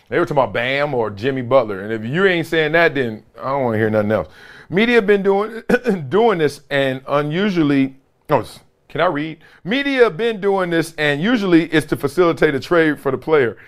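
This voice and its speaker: Animated middle-aged man with lively pitch. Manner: animated, slangy storyteller who acts things out. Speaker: podcast host, former football player. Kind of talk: casual sports commentary.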